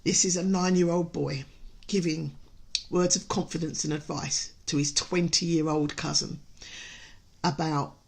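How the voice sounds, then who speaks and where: A woman's voice: deep voice, steady tone, a little slow, gravelly, darkish tone, slightly rough. A woman, a hypnotherapist, giving an earnest motivational broadcast while emotional and near tears, often stumbling and restarting her sentences.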